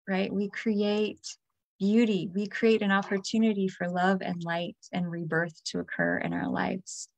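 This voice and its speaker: A woman energy healer leading a guided release meditation, talking in a soft, invoking, repetitive way. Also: medium pitch, expressive, a little slow, dry recording.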